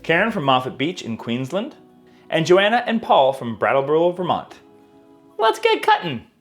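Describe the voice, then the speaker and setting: A chatty young man walks viewers through knife skills in a home kitchen. His pitch swings freely as he talks, and he pokes fun at himself along the way. He sounds like a casual cooking channel host. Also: normal speed, soft background music. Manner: chatty, self-deprecating, lively.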